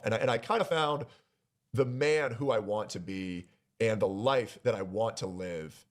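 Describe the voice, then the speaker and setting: A man making a personal announcement on his stream, hesitant and emotional, pausing often with fillers. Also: on the low side, lively intonation.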